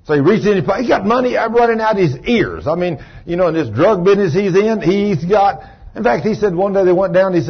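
A male preacher tells a story in a sermon, his pitch swinging widely as he throws questions at the congregation. His voice is husky and breathy. The recording sounds dull and lo-fi. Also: animated, brisk.

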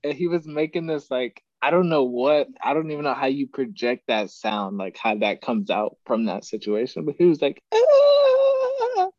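A man's voice: medium pitch, moderate pace, few pauses, no echo. A man hosting a podcast, telling his stories in casual chat and laughing often. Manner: animated storyteller, laughs often. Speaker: podcast host. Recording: dry, dull lo-fi sound.

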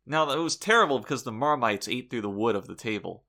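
A man's voice: medium pitch, animated, fast talker, gravelly, sharp tone. A man co-hosting a comedy podcast, ranting in mock indignation and swearing freely. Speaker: podcast co-host. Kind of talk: comedic in-character podcast chat.

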